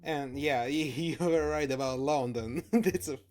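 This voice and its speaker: A man from Russia with a Russian accent, casually chatting while streaming a game, halting and searching for words, swearing and laughing, with music underneath. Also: on the high side, darkish tone. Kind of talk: casual live game commentary.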